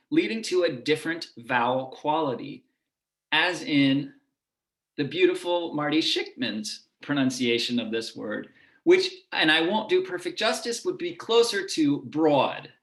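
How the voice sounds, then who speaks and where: Lecturer, male, lower Midwest accent, slightly high voice, explanatory delivery, echoey room. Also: a bit bright. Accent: lower Midwest American. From United States. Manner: explanatory, demonstrating vowel sounds. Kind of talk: online lecture.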